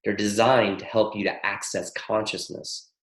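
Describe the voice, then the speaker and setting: A man leading a spiritual teaching call, excitable and profane, rattling off long lists of words in one breath. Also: on the low side, reverberant, rough recording. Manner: excitable, swears freely, rapid-fire incantation lists. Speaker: spiritual workshop leader. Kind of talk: live teaching call with interpreter.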